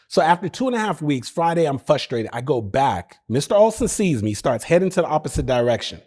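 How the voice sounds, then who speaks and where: A man's voice: a little high, a little fast, few pauses. A man telling a personal story as a podcast guest, acting out the dialogue and talking directly to the host. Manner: lively, acts out dialogue, talks directly to the host.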